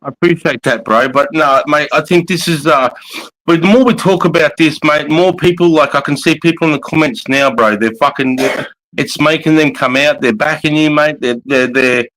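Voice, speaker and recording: A man's voice: a little high, moderate pace, fairly bright tone, dry recording, low-quality recording. A man hosting a live stream, talking in a matey, swearing way and dropping "mate" and "bro" into nearly every line. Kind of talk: casual live-stream chat.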